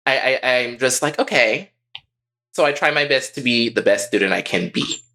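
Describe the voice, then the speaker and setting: A man co-hosting a podcast, telling a story in a casual, profane and animated way. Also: mid-range voice, fairly quick. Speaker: podcast co-host.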